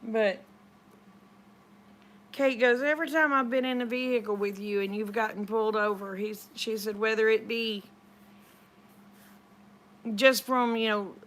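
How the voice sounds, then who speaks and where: A woman's voice: on the high side, fairly bright tone. A middle-aged woman, retelling a conversation in a chatty, rambling way. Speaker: vlogger. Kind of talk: casual storytelling.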